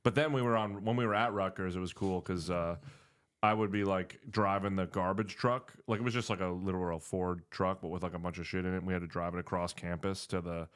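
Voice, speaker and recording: A young man with a very low voice chats loosely on a podcast. He strings stories together with lots of "like" and easy laughs, relaxed and unhurried. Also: clean tone. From New Jersey. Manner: relaxed storytelling with laughs and filler words. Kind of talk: casual chat.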